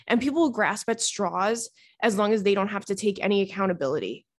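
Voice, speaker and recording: A woman's voice: mid-range voice, fast talker, hardly any pauses. A woman hosting a casual talk show, candid and blunt, swearing freely and acting out conversations as she tells a story. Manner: animated storytelling, acts out friend's lines. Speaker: podcast host giving dating advice. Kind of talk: casual chat to listeners.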